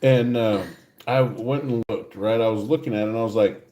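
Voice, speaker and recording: Brief: mellow-voiced Texan man, easygoing storyteller on a home livestream. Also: mid-range voice, steady tone, fairly quick. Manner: laid-back, joking, tells anecdotes. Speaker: co-host of a livestream. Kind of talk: casual livestream chat. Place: home kitchen.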